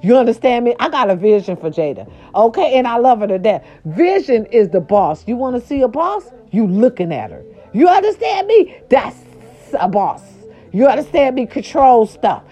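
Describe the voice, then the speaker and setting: A woman hosting a casual gossip talk show, sassy and dramatic, with slangy, playful delivery. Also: moderate pace. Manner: animated, sassy, slangy, dramatic pitch swings. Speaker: show host. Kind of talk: casual celebrity gossip monologue. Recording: dull lo-fi audio.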